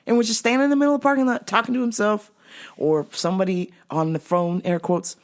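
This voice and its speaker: A woman telling a story in a casual vlog, animated and profane, often laughing. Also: mid-range voice, quick pace. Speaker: vlogger.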